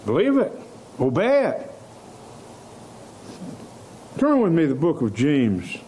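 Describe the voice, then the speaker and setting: A man preaching a sermon, slow and emphatic, stressing key words and letting out short laughs. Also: on the high side, wildly swooping pitch, dark tone, a little hiss or hum.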